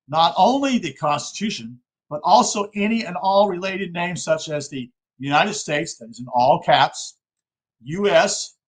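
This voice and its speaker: Man, fairly high voice, earnest informal lecture, addresses folks, keeps checking okay. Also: slightly rough, poor audio. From South Carolina.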